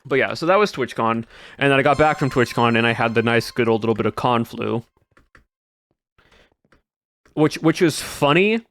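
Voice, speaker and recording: Chatting with his stream audience, a man rambles on with plenty of "like," frequent restarts, and lots of laughter. His medium-pitched voice is animated and brisk, with a fairly bright tone.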